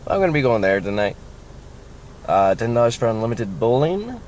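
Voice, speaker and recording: A man's voice: mid-range voice, sing-song, fairly quick, darkish tone, a little hiss or hum. A young man from the United States ranting casually in a vlog, rambling and sardonic, often trailing off. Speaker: vlogger.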